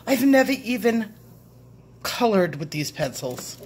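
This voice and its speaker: A middle-aged woman hosting an unboxing vlog, gushing breathlessly and shaky with excitement, from a room at home. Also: medium pitch, unhurried, a little hiss or hum. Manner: breathless, gushing, repeated exclamations. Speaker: coloring channel host.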